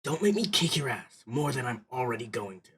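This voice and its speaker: A man's voice: medium pitch, big pitch swings, fairly quick, a bit bright, slightly rough, pitched below the performer's own voice, full character voice. A man voicing a hostile, aggressive young man who threatens and sneers. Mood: threatening. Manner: threatening, contemptuous.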